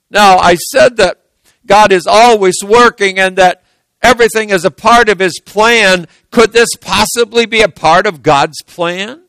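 A man's voice: sits high, a little slow, a bit bright, dry recording. A man preaching a sermon, retelling a story in a folksy way with asides to his congregation.

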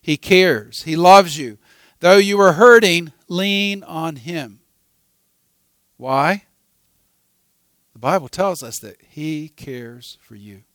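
A man preaching a sermon, telling a story with dramatic swings from hushed to loud. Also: on the high side, slow, long pauses, no echo.

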